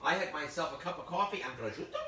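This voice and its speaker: A man putting on the voice of an affected woman television chef, speaking in a breezy, high, put-on way. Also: lively intonation, quick pace, bright, forceful tone, a little hiss or hum. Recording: roomy, distant mic with faint ambience.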